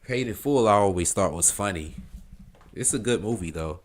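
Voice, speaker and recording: A man's voice: fairly low pitch, animated, normal speed, heavy background noise. A man in his thirties with a thick Southern US accent, rambling casually to his live-stream chat, full of slang and fillers.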